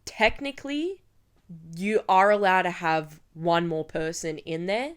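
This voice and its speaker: Young woman vlogger, fairly low voice, ranty and sweary storytelling. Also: unhurried, clear, resonant tone. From Australia. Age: 20s. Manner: ranting, heavy swearing, animated. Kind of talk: storytime vlog.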